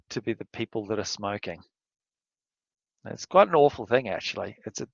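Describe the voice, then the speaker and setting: A man's voice: lowish voice, no room sound, lo-fi sound. A male university lecturer giving a recorded lesson, rambling and candid, sometimes working himself into a rant. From outside Australia. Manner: rambling, candid, gets worked up and ranting.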